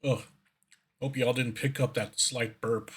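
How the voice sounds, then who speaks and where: A man's voice: mid-range voice, flat delivery, a little slow, husky. A man streamer giving casual reaction commentary who rambles, swears, and fills his talk with fillers and restarts.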